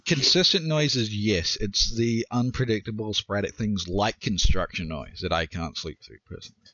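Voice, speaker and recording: Low voiced guy on a podcast, calm explainer vibe, dead dry kinda dull audio. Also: normal speed, husky, dry recording. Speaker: podcast co-host. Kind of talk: casual chat.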